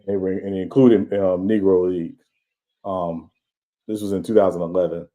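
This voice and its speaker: A man co-hosting a sports podcast, explaining baseball in a measured, casual way. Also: low voice, flat delivery, warm tone, lo-fi sound. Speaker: podcast co-host.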